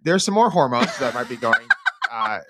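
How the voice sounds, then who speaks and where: A man's voice: mid-range voice, sing-song, moderate pace, very noisy. A young man co-hosting a podcast, talking in an easygoing, hesitant way with many ums. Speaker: podcast co-host. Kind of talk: casual chat.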